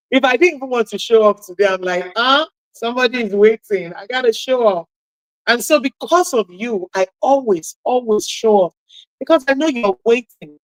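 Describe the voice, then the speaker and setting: A woman with a husky yet fairly high voice delivers a motivational talk as a radio host. She speaks with passion and emphasis, circling back to her key phrases. The sound is dry and close, with no room around it. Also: no room sound, rough recording.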